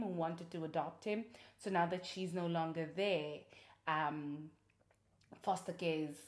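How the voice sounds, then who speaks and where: A chatty woman reviewing films in a relaxed, talkative way. Her voice sits a little low, and she laughs easily as she goes. The room around her is echoey. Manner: chatty and animated, laughs often, many fillers. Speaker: podcast host. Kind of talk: casual film review.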